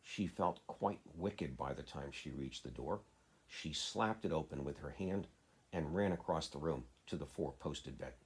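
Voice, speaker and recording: A man, a father, reading a children's classic aloud in a steady, plain way. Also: a bass voice, measured pace, breathy edge. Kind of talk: storybook reading.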